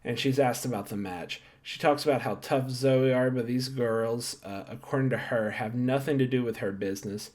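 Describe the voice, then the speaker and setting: A man's voice: medium pitch, normal speed, hardly any pauses, darkish tone. A man recapping a wrestling show in a casual, rambling way, correcting himself and tossing in jokey asides while handing out star ratings.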